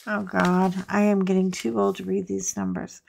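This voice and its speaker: A woman's voice: medium pitch, level tone, moderate pace, vocal fry, darkish tone, rough recording. A middle-aged woman with a stuffy, sinus-laden voice, chatting casually and self-deprecatingly to viewers while unboxing craft supplies. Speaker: craft video host.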